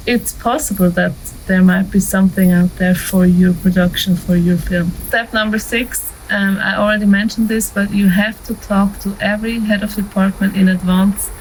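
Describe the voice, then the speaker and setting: A woman's voice: medium pitch, a little hiss or hum, poor audio. A woman explaining short-film pre-production in a casual, practical way, with light laughs and filler ums. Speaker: filmmaking instructor. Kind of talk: casual instructional talk to camera.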